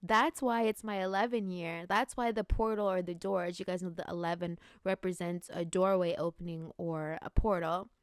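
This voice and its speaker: A woman's voice: lowish voice, steady tone, moderate pace, hardly any pauses, smooth, no room sound, studio quality. A woman in her late twenties hosting a podcast, talking in an earnest, musing way about growth and intentions, with many "like"s. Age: 20s. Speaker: podcast host. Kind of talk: reflective spiritual talk.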